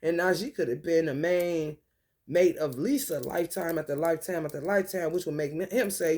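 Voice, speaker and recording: A woman talking in a rambling, casual monologue, profane and free-associating, with an animated delivery. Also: sits low, a little fast.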